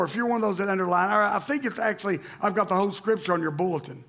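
Male pastor, high rough voice, animated church sermon with loud calls to the congregation. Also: very fast, hardly any pauses. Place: church sanctuary.

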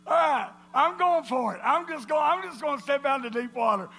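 A man preaching to a church congregation, telling jokes in a playful, animated way. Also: extremely high pitch, a little fast. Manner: playful, animated storytelling with laughter.

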